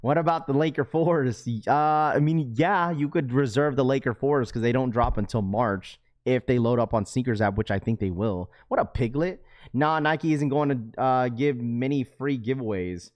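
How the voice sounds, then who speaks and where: A man's voice: normal speed, lo-fi sound. Slangy young man bantering with chat. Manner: reads viewer comments aloud and banters with chat, slangy; gets loud and high when worked up. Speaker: livestream host. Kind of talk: casual live-stream chat.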